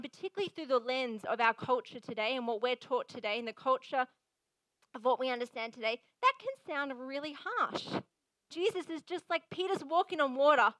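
A woman's voice: sits high, fairly bright tone, dry recording, rough recording. A young woman pastor giving a sermon in an earnest, conversational way, repeating herself for emphasis.

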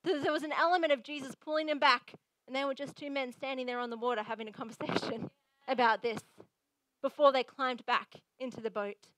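High-voiced woman preaching with energy. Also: brisk, no echo, low-quality recording. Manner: energetic, emphatic, conversational preaching. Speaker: pastor. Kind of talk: sermon.

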